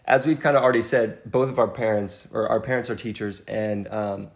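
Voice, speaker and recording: A man's voice: on the low side, steady tone, brisk, creaky. A young man co-hosting a podcast, chatting casually with playful, teasing banter. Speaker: podcast co-host. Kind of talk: casual chat.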